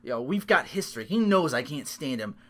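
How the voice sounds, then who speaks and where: A man's voice: mid-range voice, sing-song, fairly quick, sharp tone. A tired man hosting a solo podcast, rambling and interrupting himself as he recaps. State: sleep-deprived. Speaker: podcast host.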